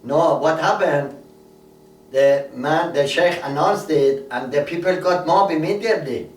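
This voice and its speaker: A man's voice: on the high side, unhurried, a little hiss or hum. Preacher man in an echoey room. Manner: storytelling, repeats key words for emphasis. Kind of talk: sermon. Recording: echoey room, voice a bit far from mic, faint ambience.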